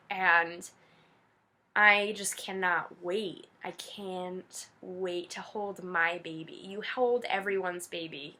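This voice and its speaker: A woman's voice: on the low side, fairly even intonation, takes it slowly, pushed and bright. A young woman in her twenties chatting casually to camera, gushing and teary, with lots of fillers. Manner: emotional, gushing, many fillers. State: teary-eyed. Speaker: vlogger.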